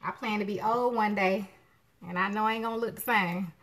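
A middle-aged woman hosts a live cooking stream from her home kitchen, chatting with viewers and greeting them by name. Her mid-range voice is brisk and fairly bright with fairly even intonation, and it has an unusual, distinctive sound people often remark on.

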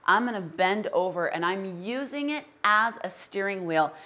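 A woman's voice: medium pitch, a bit bright. Emphatic woman dog trainer explaining. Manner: direct, emphatic teaching with everyday comparisons. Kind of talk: instructional explanation.

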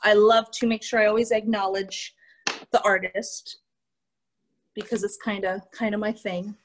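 A young woman with a Midwestern American accent, an art teacher reading a picture book aloud to young children on a video call, animated and encouraging. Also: mid-range voice, a little slow, background noise. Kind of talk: children's storytime read-aloud.

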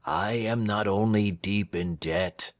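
A man voicing a moody young gentleman, deep in debt and in love, who speaks quietly and impatiently. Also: slow.

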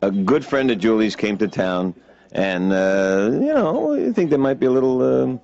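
A man's voice: medium pitch, very animated, moderate pace, vocal fry, a little mellow. An actor playing a pushy, meddling young man who nudges and insists. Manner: insistent, nudging. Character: pushy meddling male friend, young adult. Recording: dull lo-fi cartoon soundtrack.

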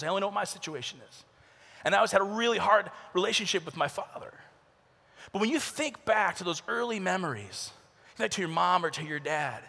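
A man with a high, bright voice tells stories to a youth conference, jumping from shouted impressions to hushed asides. His voice has a gravelly edge, and it rings out with the long reverb of a large arena. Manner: animated storytelling, acts out voices with shouts and whispers. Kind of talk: humorous youth talk.

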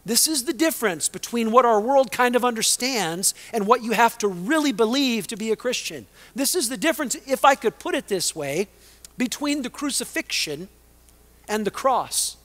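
A male pastor preaching a sermon, swinging between loud emphasis and hushed, dramatic lines. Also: sits high.

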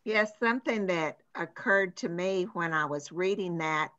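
A woman's voice: on the low side, unhurried, a bit bright, lo-fi sound. An older woman with grandchildren, speaking hesitantly with fillers as a class participant on a video call.

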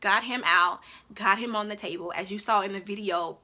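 Bright-voiced woman telling her story. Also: mid-range voice, normal speed. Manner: animated, reliving events in a rising voice. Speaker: vlogger recounting her childbirth. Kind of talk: emotional personal storytelling.

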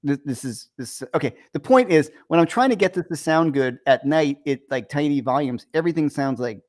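A man's voice: a little high, expressive, brisk. Rambling, self-mocking man on a video call. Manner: rambling and self-deprecating, full of restarts. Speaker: guitar teacher hosting the show. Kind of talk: casual chat on a live video call. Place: room at home. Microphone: video call microphone.

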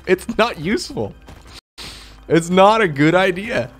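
A man chatting through a live game stream, his voice sitting a little high and swinging widely up and down. He gets excitable, laughing often and breaking into high yelps. Faint music plays quietly under his voice. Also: unhurried, long pauses. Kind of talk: casual live-stream commentary.

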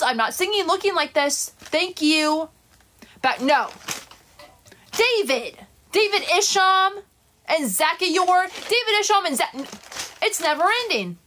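A woman's voice: extremely high pitch, pushed and bright, slight background noise. A woman on a live stream, scolding her chat in an indignant, sing-song way and breaking into improvised songs.

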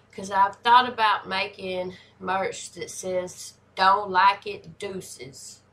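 A woman in her forties hosting a reaction video, chatting casually and hyping things up with excitable energy. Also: lowish voice, creaky, slight background noise. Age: 40s.

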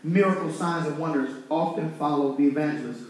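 High-voiced pastor preaching in an echoey church. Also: male voice, a little fast. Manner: fired-up, conversational preaching with call-and-response. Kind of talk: sermon. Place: church sanctuary. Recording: echoey room, from far off.

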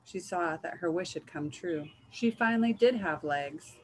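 A woman reading a picture book aloud in a gentle, measured storytelling manner. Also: lowish voice, slight background noise, poor audio. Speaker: reader.

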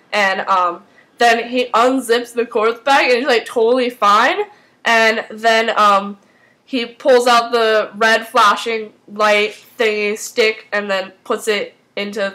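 A woman casually recapping a TV episode, rambling and excitable, filling her talk with "like". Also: medium pitch, low-quality recording. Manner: rambling and excitable, heavy use of "like".

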